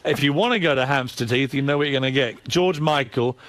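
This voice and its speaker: A man's voice: medium pitch, a little fast, fairly bright tone. Give me a British man with a mid-range voice telling cheeky gossip as an interview guest. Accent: British English. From Britain. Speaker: guest, newspaper editor. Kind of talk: anecdotal studio interview.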